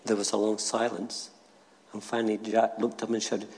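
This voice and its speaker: An older man, a retired minister, telling a humorous story and then preaching gently at a church service. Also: fairly low pitch, level tone, moderate pace. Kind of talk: short talk at a church service. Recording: long church reverb.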